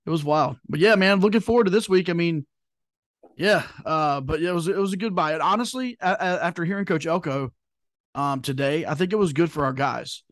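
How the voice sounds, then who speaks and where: A man's voice: a little high, brisk, a bit bright, no echo, clean studio sound. A young man co-hosting a sports podcast, chatting casually with plenty of fillers and rambling asides. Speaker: podcast co-host. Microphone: podcast mic.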